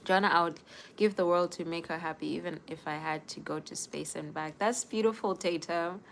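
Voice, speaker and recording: A woman's voice: on the low side, normal speed, creaky, a little hiss or hum. A young woman hosting a casual live stream, speaking earnestly and giving advice straight to her viewers. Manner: earnest, advising viewers directly.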